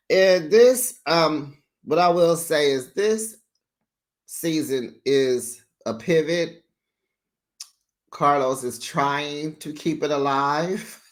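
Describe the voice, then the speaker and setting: A chatty recap host talks through a reality TV episode directly with viewers, calling them "besties." The voice is middling in pitch but swings up playfully when reacting, and each opinion is frank yet friendly.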